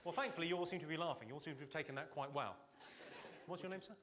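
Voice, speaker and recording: A man doing live stand-up comedy on stage, teasing the audience with quick deadpan insults. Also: fairly high pitch. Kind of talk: live stand-up with crowd work. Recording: loud audience laughter and noise.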